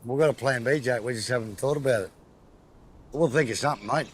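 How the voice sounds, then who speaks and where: An Australian man working as an opal miner, chatting casually in a rough-and-ready way while working outdoors. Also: medium pitch, fast talker, a little hiss or hum. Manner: rough-and-ready, tags "mate" and "eh". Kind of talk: casual outdoor work chat. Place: outdoors at an outback mine site. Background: background music.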